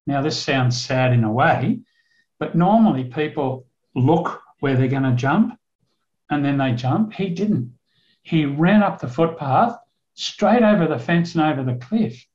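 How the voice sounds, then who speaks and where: A man's voice: medium pitch, a little mellow. An older man, preaching a sermon through a vivid story and acting out the dialogue. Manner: vivid storytelling, acts out dialogue in his telling. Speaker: guest preacher, retired police officer. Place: church. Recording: echoey, dull church recording.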